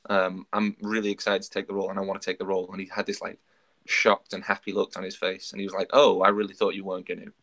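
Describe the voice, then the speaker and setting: Male podcast co-host, low flat voice, rapid anecdotal storytelling. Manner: storytelling, acts out quoted dialogue. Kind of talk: casual chat.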